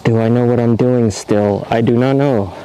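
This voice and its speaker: A man's voice: mid-range voice, moderate pace, a little hiss or hum, poor audio. A man streaming live from an open field, talking to himself, out of breath from running with a wing. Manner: breathless, excited self-talk while running a wing. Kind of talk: casual outdoor live-stream commentary. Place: open hilly field outdoors. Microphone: portable streaming rig.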